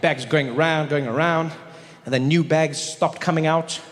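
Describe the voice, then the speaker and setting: Stand-up comedian man in a big hall. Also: moderate pace. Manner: animated, jumps up in pitch for quoted voices. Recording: long hall reverb, faint noise.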